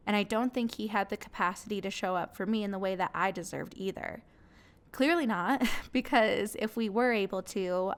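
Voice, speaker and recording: Young woman doing a solo podcast, candid and earnest, laughs a bit, middle pitch. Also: clear, resonant tone. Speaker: podcast host. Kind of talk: personal podcast monologue.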